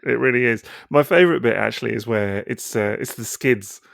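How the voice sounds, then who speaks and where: Gravelly man chatting eagerly. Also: medium pitch, a little fast, fairly bright tone, no room sound, clean studio sound. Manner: enthusiastic, reads out quotes in a mock announcer voice. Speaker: podcast co-host. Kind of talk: casual chat.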